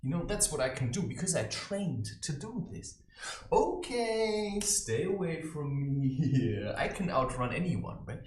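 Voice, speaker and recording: A man's voice: medium pitch, sing-song, moderate pace, hardly any pauses, a little hiss or hum. A man giving a preachy, theatrical, mocking satirical monologue to camera from his own room. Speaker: self-styled spiritual advisor. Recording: roomy echo.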